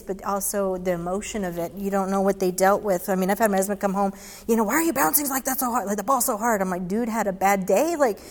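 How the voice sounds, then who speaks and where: A woman's mid-range, slightly mellow voice comes through big-room sound with a little hiss or hum. She answers audience questions with candid, casual advice, acting out past exchanges of her own.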